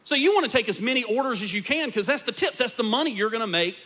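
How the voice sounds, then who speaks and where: A man preaching to his congregation as their pastor. His voice sits high and rings bright, and he builds each point with rising intensity. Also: animated, quick pace. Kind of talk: sermon.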